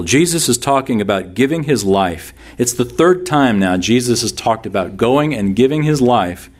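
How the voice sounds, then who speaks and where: A man's voice: medium pitch, a little mellow. A man preaching a sermon in a conversational way that rises to emphatic peaks. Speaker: pastor.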